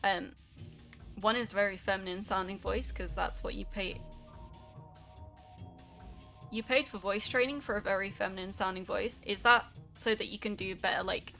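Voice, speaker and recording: A woman's voice: mid-range voice, fairly even intonation, brisk, gravelly, bright, forceful tone, soft background music. A young woman, chatting casually and swearing now and then while she streams a video game. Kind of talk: casual rambling while gaming.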